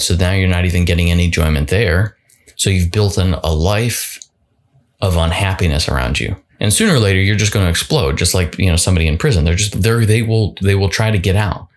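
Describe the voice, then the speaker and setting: A man hosting a solo motivational podcast, talking casually and often restarting and repeating words. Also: deep voice. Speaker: podcast host.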